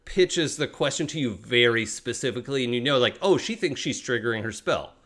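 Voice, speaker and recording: A man's voice: mid-range voice, lively intonation, fairly quick, fairly bright tone. Rambling game master man. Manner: rambling, many fillers and restarts. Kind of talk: narrating a tabletop role-playing game.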